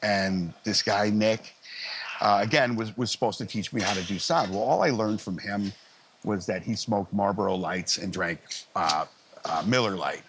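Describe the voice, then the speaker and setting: A middle-aged man, a live sound engineer, telling lively, easygoing stories in a casual interview and acting out other people's lines. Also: lowish voice, moderate pace, noisy background. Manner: animated anecdotes, acting out others' lines in a raised voice; frequent fillers and restarts, easygoing.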